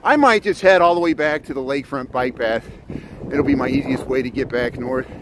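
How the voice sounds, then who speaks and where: Fairly quick and medium in pitch, this vlogger's voice narrates a live stream as he cycles city streets. He chats, thanks his viewers and adds nervous asides, with wind and traffic noise blowing across the mic.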